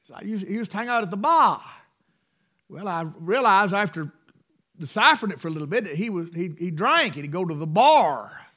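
A man preaching a sermon in a folksy, emphatic way, swinging between loud bursts and hushed asides. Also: high voice, lively intonation, fairly quick.

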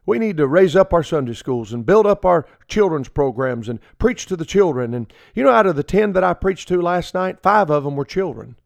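A man's voice: a little high, vocal fry, darkish tone, dry recording, lo-fi sound. A middle-aged man preaching a folksy radio sermon, acting out the people he quotes.

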